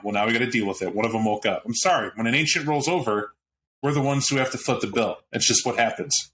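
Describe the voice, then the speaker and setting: Guy on a game podcast, bright sharp voice, keeps restarting his sentences, faint background hiss. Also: mid-range voice, brisk. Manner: animated, with frequent restarts and asides. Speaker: podcast panelist. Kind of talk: casual roundtable chat about a tabletop game.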